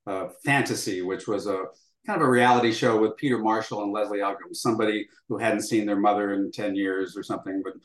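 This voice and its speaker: Recounting a story as an interview guest, an older man speaks a little fast in a steady voice on the low side. He dramatizes dialogue as he goes and fills pauses frequently, all in a roomy echo.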